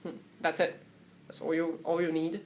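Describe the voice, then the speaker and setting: A young woman from Taiwan giving a casual, chatty lesson on Mandarin tones at home, sometimes singing syllables to show the pitches. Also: normal speed. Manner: relaxed, chatty, breaks off to soothe her cat; sings syllables and solfege to demonstrate tones. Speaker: Mandarin tone teacher.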